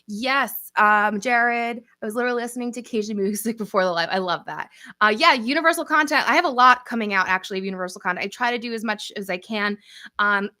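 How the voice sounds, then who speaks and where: A woman's voice: medium pitch, quick pace, bright, forceful tone, no room sound, clean studio sound. A young woman from New York with a New York accent, chatting casually with viewers as host of a livestream Q&A, upbeat and often laughing. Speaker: channel host.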